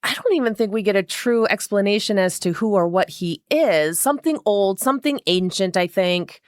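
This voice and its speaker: A woman's voice: medium pitch, expressive, normal speed, dry recording, clean studio sound. A woman casually recapping a horror novel, chatty and profane, acting out quoted lines with wry asides. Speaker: book vlogger.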